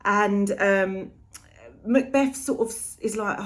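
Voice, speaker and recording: A woman's voice: mid-range voice, slow. A young woman teaching literature in a chatty way, retelling a play's scenes in modern slang. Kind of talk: casual lesson retelling a play.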